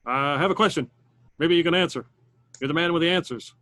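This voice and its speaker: A man's voice: fairly high pitch, fairly quick, pushed and bright. A man playing a tabletop role-playing game, speaking in terse, clipped lines as his character. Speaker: player.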